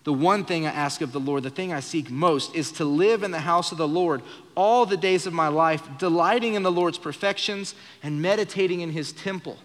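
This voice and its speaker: A man's voice: on the high side, moderate pace, long reverb tail. A young man preaching an earnest sermon during a live church service, shifting his voice to act out the lines he quotes. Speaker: pastor.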